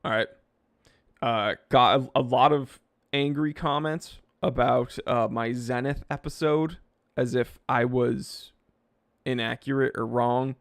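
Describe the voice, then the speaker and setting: A man's voice: mid-range voice, slow pace, no room sound, clean studio sound. Joking man reading live stream comments. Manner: joking, self-deprecating, lively. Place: home studio in California. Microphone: wearing headphones, close mic.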